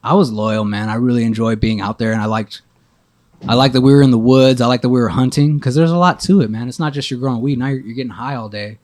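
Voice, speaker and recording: A man telling a story as a podcast guest, animated and full of swearing. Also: mid-range voice, quick pace. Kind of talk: casual storytelling.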